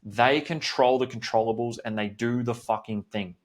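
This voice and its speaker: A man's voice: medium pitch, normal speed. A man hosting a solo podcast as a coach, talking bluntly and swearing often in a direct motivational pep talk.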